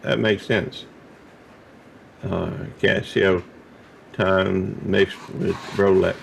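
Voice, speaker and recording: A man's voice: deep voice, little pitch movement, extremely slow, gravelly, slight background noise. A middle-aged man co-hosting a casual livestream chat, talking with many fillers and restarts. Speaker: livestream co-host.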